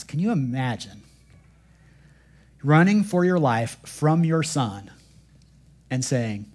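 A man preaching a sermon as pastor, slowing down to quote scripture and building to emphatic declarations. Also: fairly high pitch, expressive, darkish tone. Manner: rising to emphatic declarations, slow when quoting scripture.

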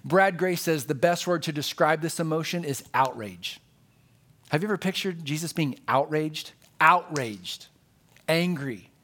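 A man's voice: on the high side, moderate pace. A man preaching a sermon as pastor, earnest and conversational, leaning on emphatic repetition.

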